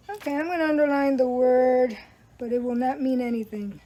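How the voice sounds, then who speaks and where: High-voiced woman life coach reading aloud. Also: steady tone, low-quality recording. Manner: chatty, warm-hearted devotional reader, slows down to read aloud. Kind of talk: live-stream book reading and reflection. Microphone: webcam or phone on a live stream.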